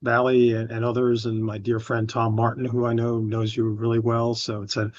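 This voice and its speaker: A man's voice: medium pitch, completely flat delivery, normal speed, darkish tone, no echo. A man taking part in a video call, explaining at length in a polite way. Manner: polite, long-winded explaining. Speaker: participant. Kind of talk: casual chat on a video call. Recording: dry, dull video-call audio.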